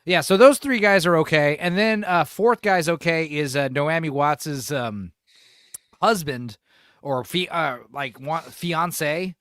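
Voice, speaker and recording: A man's voice: on the high side, takes it slowly, a bit bright, clear, resonant tone, no echo, clean studio sound. A man hosting a podcast, rambling and profane in casual chat, laughing often. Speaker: podcast host.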